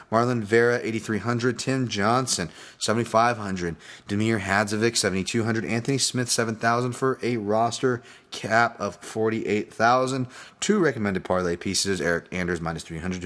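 A man's voice: fairly low pitch, a bit bright. A man hosting a solo podcast, rambling casually, swearing freely and restarting his sentences. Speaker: podcast host, fight analyst.

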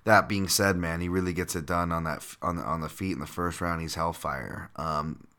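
A man's voice: sits low, steady tone, moderate pace, sharp tone, clean tone. A man hosting a casual solo podcast, breaking down fights while thinking aloud, with lots of fillers, restarts and the odd chuckle. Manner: chuckles now and then while talking. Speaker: podcast host and fight analyst.

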